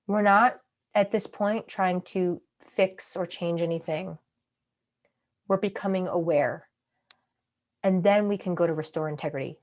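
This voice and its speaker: A woman coaching a group on a call, speaking calmly and reflectively, sometimes acting out her own inner thoughts. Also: fairly low pitch. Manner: calm, reflective, acts out inner monologues.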